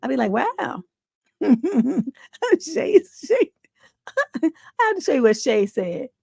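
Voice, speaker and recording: A woman's voice: high voice, sing-song, a little slow, gravelly, slightly rough, no room sound, clean studio sound. Laughing woman hosting a live stream. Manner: laughs often, reacts loudly, quotes people in playful voices. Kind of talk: casual live stream chat.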